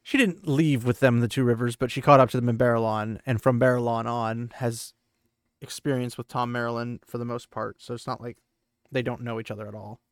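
A man's voice: medium pitch, fairly even intonation, fairly quick, smooth, no echo, studio quality. A man hosting a podcast, casually retelling a book chapter with chatty asides. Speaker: podcast host.

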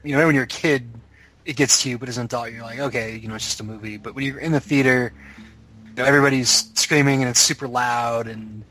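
A man co-hosting a casual podcast chat, giving measured opinions with hedges and "you know" fillers. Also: mid-range voice, steady tone, pushed and bright. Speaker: podcast co-host.

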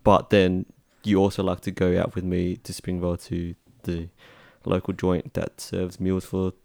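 An Australian man chatting as a podcast co-host, relaxed and halting, with many fillers. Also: sits low, creaky, no echo, studio quality. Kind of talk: casual chat.

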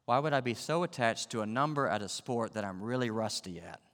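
A man's voice: medium pitch, expressive, fairly quick, a bit bright, in a large hall. A man preaching a sermon as a pastor, acting out the voices in the story with drama.

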